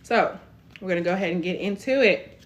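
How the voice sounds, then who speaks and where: Young woman doing a live tarot reading, lowish voice, chatty, says okay a lot. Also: brisk, background noise. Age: 20s. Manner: chatty, tags lines with "okay?". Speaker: tarot reader.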